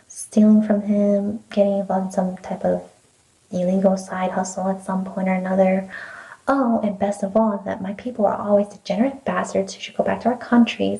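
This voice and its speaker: A woman's voice: medium pitch, gravelly, mellow, low-quality recording. A young woman ranting through a storytime vlog, sarcastic and heavily profane, sometimes dropping to a whispered aside. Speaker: vlogger.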